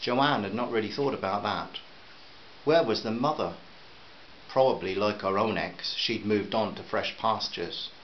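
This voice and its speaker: A man reading a short story aloud in a measured, even storytelling manner. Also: on the low side, dull audio, slight background noise. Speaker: narrator. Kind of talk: scripted narration.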